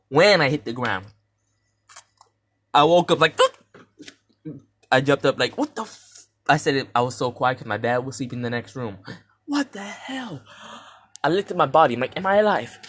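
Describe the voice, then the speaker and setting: Young guy on a homemade podcast telling a crazy dream, slangy and rambling, keeps jumping from yelling high to muttering low. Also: brisk, pauses often. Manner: animated retelling that acts out his own reactions with big jumps in pitch and loudness; rambling slangy delivery with restarts. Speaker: podcast host. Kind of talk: casual dream storytelling monologue.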